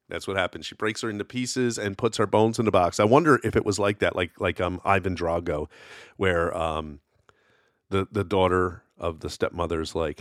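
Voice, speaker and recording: A man's voice: low voice, moderate pace, dry recording, studio quality. A man hosting a casual solo podcast, telling folklore in a rambling, conversational way with lots of fillers. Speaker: podcast host.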